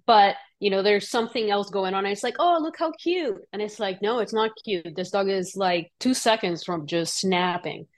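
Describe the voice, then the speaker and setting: A woman's voice: mid-range voice, fairly even intonation, normal speed, hardly any pauses. A woman hosting a podcast, speaking earnestly in casual conversation and explaining with fillers like "right?". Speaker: podcast host.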